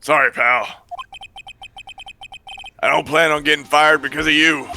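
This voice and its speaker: A man's voice: a little high, fairly even intonation, a little slow, creaky. A man reading aloud for a blunt, earnest male police detective in a game's dialogue.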